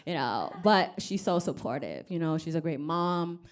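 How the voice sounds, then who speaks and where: A woman's voice: sits low, lively intonation, normal speed. A woman in her thirties, originally from Rwanda, doing a stand-up comedy set on a club stage, chatting with the crowd and acting out other people in raised voices. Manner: conversational, frequent "you know?", quoting people in raised voices.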